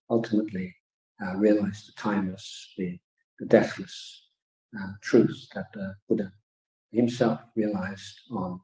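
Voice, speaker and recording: A man gives a Buddhist Dhamma talk and offers blessings in a gentle, halting way, with many fillers. His voice is very deep and dark, with almost no rise and fall. The sound carries a roomy echo. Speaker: Buddhist teacher giving a blessing.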